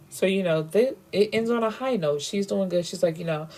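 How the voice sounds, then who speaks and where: A book reviewer with a warm, mid-range voice retells a novel's plot briskly, hardly pausing. Her recap is casual, full of "you know," and she acts out what the characters say.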